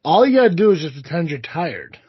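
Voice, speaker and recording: A man hosting a podcast in relaxed, casual chat, with many filler words. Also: on the high side, a little fast, breathy edge, no room sound. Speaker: podcast host. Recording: dry, lo-fi.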